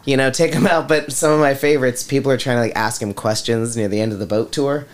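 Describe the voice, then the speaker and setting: A man's voice: medium pitch, fairly even intonation, fast. A man hosting a podcast, telling a travel story in an easygoing, chuckling way. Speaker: podcast host. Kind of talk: casual chat.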